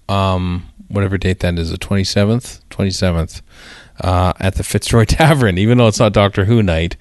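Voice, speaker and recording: A man's voice: deep voice, fairly even intonation, moderate pace, darkish tone, no echo, studio quality. A man co-hosting a podcast, chatting casually and rambling through his thoughts with lots of fillers and restarts. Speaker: podcast co-host. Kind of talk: casual chat.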